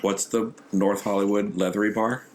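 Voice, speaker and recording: A man's voice: on the low side, flat delivery, normal speed, a little hiss or hum. A man from Texas with a Texan accent, co-hosting a podcast and telling stories in a sassy, profane, casual way. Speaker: podcast co-host. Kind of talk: casual chat.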